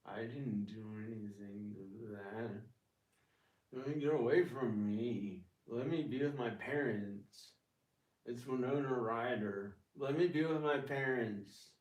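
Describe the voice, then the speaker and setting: A man doing a slow, boastful rich actress. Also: mid-range voice, a little mellow, recorded from a distance, natural voice. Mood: pleading. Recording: echoey room, off-mic.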